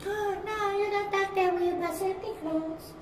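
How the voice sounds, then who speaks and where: A bossy sidekick scolds in a squeaky, piping falsetto, as a man puts the voice on. It sounds distant and echoey, with noise behind it. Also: fairly even intonation, normal speed. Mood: scolding. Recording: roomy, distant, noisy room.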